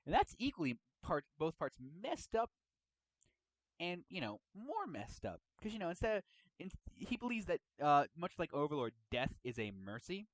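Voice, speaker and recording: A man's voice: on the high side, huge pitch swings, moderate pace, dry recording, poor audio. A man hosting a casual chat about his roleplay story. He rambles and often tags his sentences with "right?". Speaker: host and storyteller.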